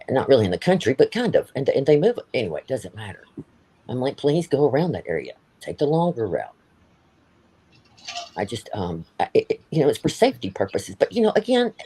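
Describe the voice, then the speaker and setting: A man's voice: mid-range voice, warm tone, breathy edge. Heated, blunt man ranting on a livestream. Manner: heated, blunt, swears, repeats himself. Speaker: livestream host. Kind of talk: ranting live-stream chat.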